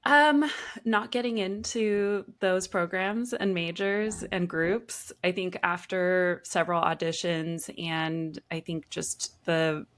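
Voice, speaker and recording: Woman, Valley accent, lowish pitch, casual chatty guest, frequent likes and ums. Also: steady tone, slow pace, a bit bright. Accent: Southern Californian Valley. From Southern California. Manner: chatty, laughs often, many likes and ums. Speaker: guest designer. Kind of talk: casual interview chat.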